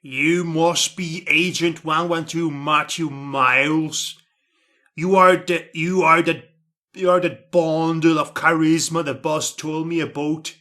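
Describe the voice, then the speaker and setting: A man's voice: fairly high pitch, fairly even intonation, slow pace, sharp tone. A man putting on a mock-Cockney female spy. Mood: admiring. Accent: attempted Cockney. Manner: exaggerated comic reading voice.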